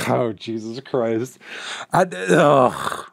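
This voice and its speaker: A man's voice: mid-range voice, expressive, very slow, vocal fry, a bit bright, no room sound, clean studio sound. A man hosting a casual chat, exasperated and emphatic, who swears a lot. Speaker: host.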